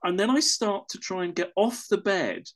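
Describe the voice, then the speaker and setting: A man's voice: high-pitched, lively intonation, moderate pace. An English man telling a personal story in a casual, rambling way, often correcting himself mid-sentence. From England. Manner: rambling, self-correcting, with chuckles.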